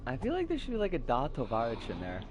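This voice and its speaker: A woman streaming a video game, swearing often as she yells at the game and rambles with her chat in between. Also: rumbling low, wildly swooping pitch, fast, noisy background. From United States. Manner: swears constantly, yelps and curses at the game, then drifts into rambling chat. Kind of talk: casual live game commentary. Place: home streaming setup, living overseas.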